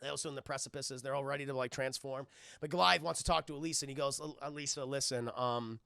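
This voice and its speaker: A man's voice: medium pitch, steady tone, racing, vocal fry, sharp tone, no room sound, clean studio sound. A man streaming a casual, crude, joking recap of a cartoon episode, talking to his chat.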